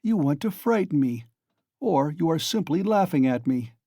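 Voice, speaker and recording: A man's voice: a little high, lively intonation, mellow, breathy edge, dry recording, studio quality. A man reading aloud and voicing a tense young man under suspicion, strained and accusing. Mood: bitter. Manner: strained, accusing, at times slow and weak.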